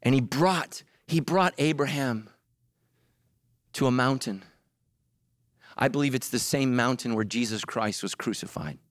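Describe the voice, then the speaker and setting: A male pastor preaching a sermon in an animated, emphatic way, mixing jokes with serious points. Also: medium pitch, unhurried, pauses often, no echo, studio quality.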